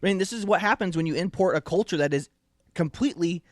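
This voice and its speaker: Male host, somewhat high voice, dry close sound, pushy and indignant opinion commentary. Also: fast, no echo. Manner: emphatic, indignant. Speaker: show host. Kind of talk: opinion talk show commentary.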